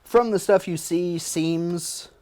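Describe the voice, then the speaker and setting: A man guest-hosting a podcast in casual chat, excitable and laughing often, swearing and full of fillers. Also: high voice, slow pace. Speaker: podcast producer, guest host.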